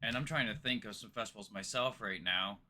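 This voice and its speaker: Bright-voiced man from Ontario, rambling. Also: lowish voice, brisk. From Ontario, Canada. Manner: rambling, hesitant, many fillers. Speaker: reaction channel host. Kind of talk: casual reaction commentary.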